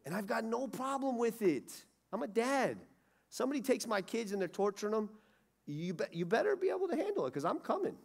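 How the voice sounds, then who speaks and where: A middle-aged man preaching a sermon, swinging from loud urgency to hushed pleading. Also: very high voice, sing-song, fairly quick, creaky. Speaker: pastor. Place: church sanctuary.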